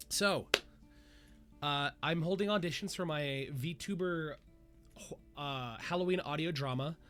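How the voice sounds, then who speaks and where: A man's voice: fairly high pitch, fairly bright tone. A man hosting a VTuber talk show in casual, rambling livestream chat, his voice congested with a stuffy nose. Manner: rambling, chatty.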